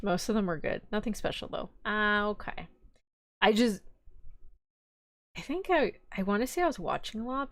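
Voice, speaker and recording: A woman's voice: medium pitch, clear, resonant tone, no room sound. A young adult woman streaming, chatting casually and rambling as she retells scenes, slipping into quoted voices. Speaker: vtuber streamer. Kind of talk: casual stream chat about anime.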